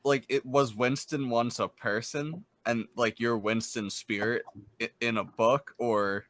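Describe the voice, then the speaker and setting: A man playing in a tabletop game, asking playful deadpan questions. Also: mid-range voice, a little slow. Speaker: player.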